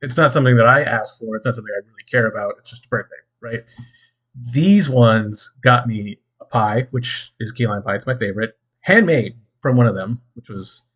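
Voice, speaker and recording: A laid-back man chatting casually as a co-host, speaking softly and often trailing off. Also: medium pitch, brisk. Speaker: podcast co-host. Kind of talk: casual chat.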